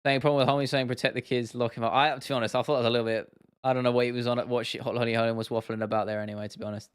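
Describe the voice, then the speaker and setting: A man's voice: mid-range voice, rapid-fire, smooth, dry recording. Casual guy hosting a livestream, loose chatty delivery, clean and close. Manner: relaxed, chatty, answers chat questions with laughs. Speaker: livestream host.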